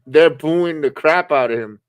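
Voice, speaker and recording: A man's voice: medium pitch, fairly bright tone, no room sound. A man co-hosting a live watch-along stream, chatting casually and joking as he reacts to the matches. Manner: chatty, reacting with laughs and jokes.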